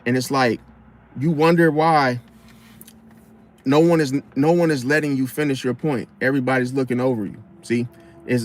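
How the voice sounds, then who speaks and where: A man giving casual advice in a slangy, animated way, often acting out loud high-pitched interruptions. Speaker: astrology commentator.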